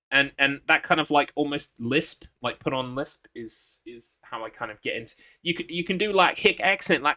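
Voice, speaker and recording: A man's voice: medium pitch, fast, sharp tone. A man streaming a horror game live, chatting casually in a rambling, crude, joking way with plenty of fillers.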